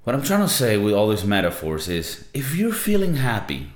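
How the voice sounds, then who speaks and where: A man's voice: mid-range voice, very animated, a little fast, few pauses, a bit bright. A young man with a Latin American Spanish accent hosting a podcast, talking in a casual, profane, slangy monologue. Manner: laid-back, profane, slangy. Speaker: podcast host. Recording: roomy echo.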